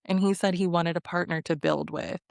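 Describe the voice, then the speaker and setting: A woman giving a casual recap of a reality dating show, exasperated and animated, swearing and laughing as she quotes the cast. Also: fairly low pitch, brisk, vocal fry, no echo.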